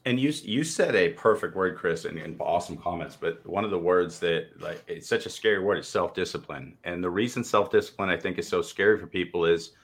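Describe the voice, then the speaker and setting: Man, low pitch, motivational speaker, animated storytelling, casual livestream. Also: brisk, few pauses. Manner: animated storytelling, swears freely.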